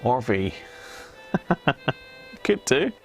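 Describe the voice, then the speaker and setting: A man's voice: medium pitch, sing-song, drawn-out words, vocal fry, soft background music. Chatty man hosting a live stream. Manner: chatty, laughs at himself, trails off with ums. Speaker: radio restoration livestream host. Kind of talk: casual live-stream chat. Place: home workshop.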